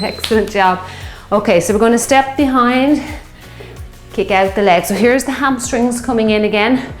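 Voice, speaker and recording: A fairly high-voiced woman in her fifties coaches a workout class, calling out moves and cheering her class on. She sounds a little breathless at times. Her voice rings in an echoey room with music playing underneath. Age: 50s. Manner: encouraging, upbeat cues over exercise. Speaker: fitness instructor.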